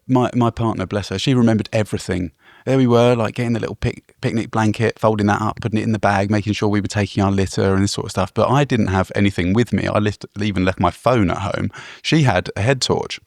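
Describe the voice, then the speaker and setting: A man's voice: lowish voice, steady tone, fairly quick, creaky, no echo, clean studio sound. A man co-hosting a travel podcast, telling a rambling, self-deprecating story with small chuckles. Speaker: podcast co-host.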